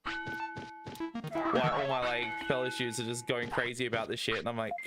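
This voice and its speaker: A man, chatting casually while streaming a speedrun, rambling and excitable with lots of swearing and fillers. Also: mid-range voice, moderate pace. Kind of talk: casual chat while playing. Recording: game music playing behind. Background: video game music.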